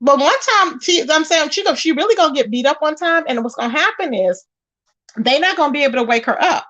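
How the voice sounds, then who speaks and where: A high-pitched woman hosting a gossip livestream in a casual, talkative way. She stays emphatic and greets her viewers by name between points. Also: expressive, fast, fairly bright tone, lo-fi sound. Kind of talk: casual live-stream chat.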